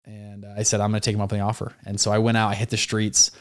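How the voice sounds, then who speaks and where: Fast-talking young man telling stories. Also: lowish voice. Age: young adult. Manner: animated, slangy, many fillers. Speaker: entrepreneur guest. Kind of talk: casual interview storytelling.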